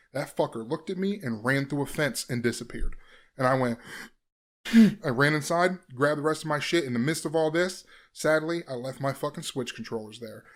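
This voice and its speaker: A young man casually telling a personal scare story, profane and animated, with loud bursts and hushed asides. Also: medium pitch.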